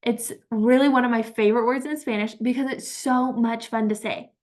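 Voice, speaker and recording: A woman teaching vocabulary in a slow, patient, encouraging way, repeating each word and praising the learner. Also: on the high side, steady tone, darkish tone. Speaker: Spanish teacher. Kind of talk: slow vocabulary lesson with pauses.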